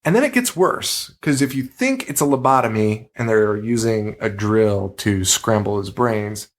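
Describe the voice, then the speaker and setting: Animated, swearing male podcast co-host. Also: on the low side, a little slow. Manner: animated, swears freely, laughs often. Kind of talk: casual chat.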